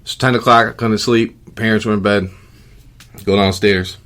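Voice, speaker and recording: A middle-aged man with a low voice hosts a podcast in easygoing chat. He rambles loosely and leans on "um" and "you know" between thoughts. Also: moderate pace. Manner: relaxed, rambling with many fillers. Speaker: podcast host.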